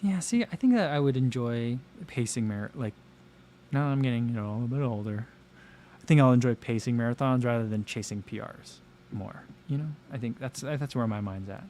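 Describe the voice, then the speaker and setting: A man's voice: mid-range voice, animated, fairly quick, mellow, slight background noise. Chatty man rambling on a livestream. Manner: rambling, chatty, reads viewer comments aloud. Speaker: livestream host. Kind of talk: casual livestream chat.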